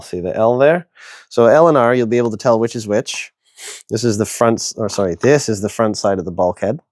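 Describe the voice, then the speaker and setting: A man's voice: on the low side, a little mellow, no room sound, studio quality. A man narrating a hobby kit build in a casual, chatty way, thinking aloud with many fillers and sounding tired and yawny. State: yawning, tired. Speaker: hobby video host.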